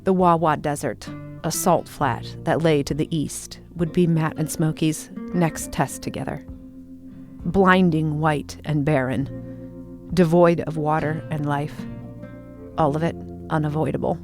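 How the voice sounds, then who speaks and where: A woman with a low voice narrates a documentary story from a studio mic in a measured, deliberate way. Soft music plays faintly behind her. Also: steady tone. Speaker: podcast host and narrator.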